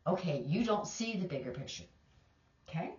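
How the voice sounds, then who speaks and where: A woman's voice: low voice, expressive, moderate pace, a little mellow. A woman teacher, giving emphatic, opinionated casual commentary. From Canada. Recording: distant, echoey, dull lo-fi.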